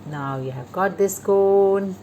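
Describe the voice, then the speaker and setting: Woman doing a kids craft tutorial, super slow and patient, repeats every step. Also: mid-range voice, dark tone, a little hiss or hum. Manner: patient, repetitive instructions to children. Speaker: craft teacher.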